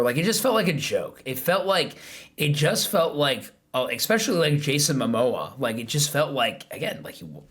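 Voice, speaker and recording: A man's voice: medium pitch, very animated, normal speed, a bit bright. A man hosting a podcast in casual chat, rambling with lots of filler words. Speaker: podcast host.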